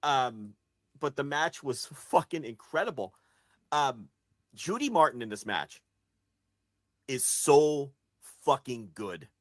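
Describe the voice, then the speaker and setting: A man's voice: medium pitch, sing-song, slow pace, long pauses, fairly bright tone, no room sound. A man hosting a casual podcast, wry and profane, steering the conversation. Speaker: podcast host.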